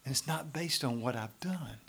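A man's voice: mid-range voice, moderate pace, husky. A man preaching a sermon, speaking in a folksy, conversational way and often asking the congregation "right?". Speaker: pastor.

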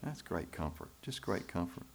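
A man's voice: sits low, big pitch swings, moderate pace, husky. A man preaching a sermon in church, folksy and emphatic, with rhetorical questions to the congregation. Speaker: pastor.

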